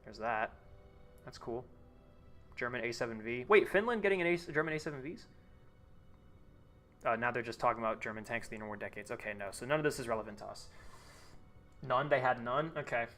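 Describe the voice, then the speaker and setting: A man's voice: mid-range voice, expressive, brisk, pauses often, a bit bright. Rambling young male streamer, music behind. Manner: rambling, thinks aloud with restarts and swearing. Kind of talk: casual live-stream chat, reading chat.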